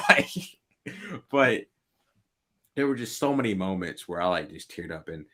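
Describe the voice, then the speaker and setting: A young man co-hosting a podcast in casual chat, excitable, saying "like" constantly and laughing often. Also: deep voice, a little slow. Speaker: podcast co-host.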